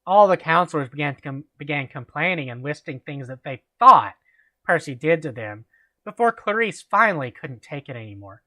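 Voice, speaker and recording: A man's voice: a little high, lively intonation, normal speed, bright, forceful tone. A man hosting a reading of a fan story aloud, chatting and laughing with friends between passages. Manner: amused, laughing reader. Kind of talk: reading aloud and casual chat.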